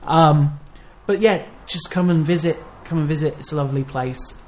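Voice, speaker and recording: A man co-hosting a podcast in casual, rambling chat, self-deprecating and quick to laugh. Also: fairly high pitch, a little mellow. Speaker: podcast co-host.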